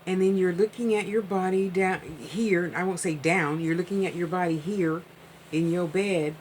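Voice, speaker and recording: A woman's voice: on the low side, fairly even intonation, normal speed, darkish tone, slight background noise, rough recording. A woman hosting a live-streamed psychic reading, chatting casually and rambling with frequent asides.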